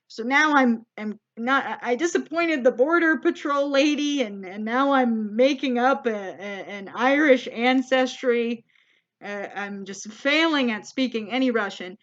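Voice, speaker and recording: A woman's voice: a little high, unhurried, a bit bright, highs cut off. A young woman, a comedian, telling a rambling, self-deprecating travel story as a vlog monologue. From United States. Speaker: comedian vlogger.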